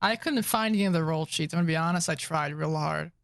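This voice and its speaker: A man's voice: a little high, vocal fry, a bit bright, no room sound, studio quality. A young man co-hosting a podcast, chatting and teasing his partner in an easygoing way. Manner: easygoing, teasing, quick to laugh. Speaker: podcast co-host. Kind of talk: casual chat about tabletop roleplaying.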